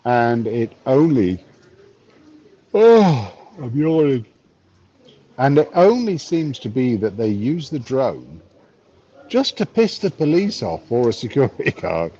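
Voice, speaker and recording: A man's voice: mid-range voice, very animated, measured pace, mellow, husky, dull audio. A man in his fifties, live streaming from a bar on his phone, chatting wryly and reading chat messages aloud. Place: bar, drinking a pint.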